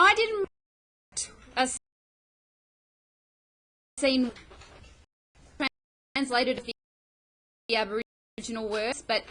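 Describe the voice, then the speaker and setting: A woman's voice: fairly high pitch, pushed and bright, poor audio. A middle-aged woman teaching a play in a classroom, explaining patiently and often checking "okay?" with her students. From Australia. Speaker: English teacher.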